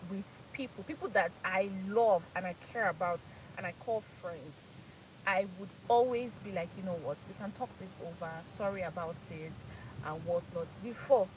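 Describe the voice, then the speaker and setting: A Nigerian woman in her thirties from Port Harcourt hosts a casual live chat, laughing often and repeating phrases for emphasis. Her voice is medium-pitched, and the poor audio carries a bit of hiss or hum.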